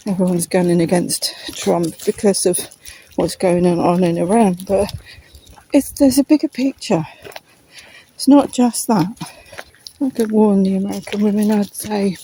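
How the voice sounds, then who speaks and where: A woman's voice: medium pitch, mellow, breathy edge, rough recording. A woman from the UK, chatty and breaking into little laughs, talking to camera while walking outdoors in the countryside. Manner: chatty, frequent little laughs, talks to her dog. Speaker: vlogger. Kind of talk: rambling walk-and-talk monologue.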